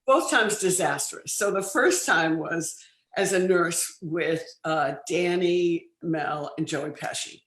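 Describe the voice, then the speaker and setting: An older woman, a film producer, chatting as an interview guest, telling lively stories with many restarts. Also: lowish voice, slow pace. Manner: lively anecdotal storytelling, frequent laughs and restarts. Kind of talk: casual interview chat. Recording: roomy studio sound.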